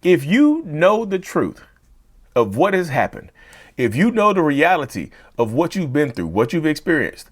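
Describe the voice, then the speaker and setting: Male host, direct-to-camera talk, animated and repetitive, very lively pitch. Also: moderate pace. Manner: animated, repeats and rephrases points; addresses viewers as "y'all". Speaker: mental health channel host.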